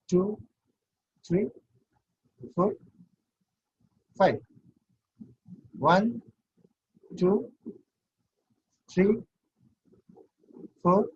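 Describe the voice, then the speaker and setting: A male lecturer talks slowly and deliberately, walking through each point one step at a time. His voice sits a bit high and sounds very husky and breathy. The recording is dull and lo-fi, like a low-quality online class. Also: darkish tone. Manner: slow, counting and explaining step by step. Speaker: university lecturer.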